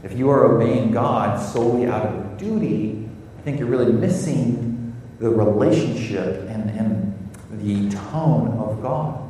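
American pastor preaching in an echoey hall. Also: male voice, mid-range voice, measured pace, mellow, far from the mic, a little hiss or hum. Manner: earnest, repeats words while searching for phrasing. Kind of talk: sermon.

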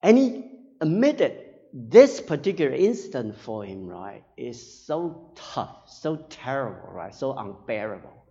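A male pastor preaching a sermon in a halting, earnest way, often tagging his phrases with a questioning "right?". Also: mid-range voice, very animated, mellow. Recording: dull sound with long hall reverb.

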